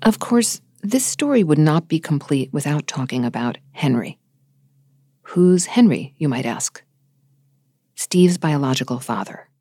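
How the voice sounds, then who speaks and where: A woman hosting a podcast, talking in a thoughtful, measured way and narrating between interview segments. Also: deep voice, sing-song, warm tone, no room sound, studio quality. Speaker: podcast host. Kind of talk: reflective podcast conversation and narration.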